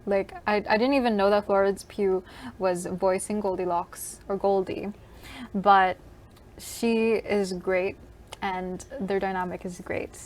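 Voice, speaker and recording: Woman radio host, mid-pitch, eager casual film chatter. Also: fairly even intonation, unhurried, a little mellow, slight background noise. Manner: enthusiastic, gushing, many "like"s. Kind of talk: casual film review chat.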